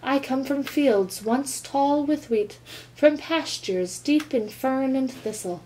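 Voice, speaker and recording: A woman voicing a gentle, polite little hen bird in a read-aloud storybook, speaking softly and musically. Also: sits high, takes it slowly, slight background noise, pitched above the performer's own voice, low-quality recording. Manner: soft and musical.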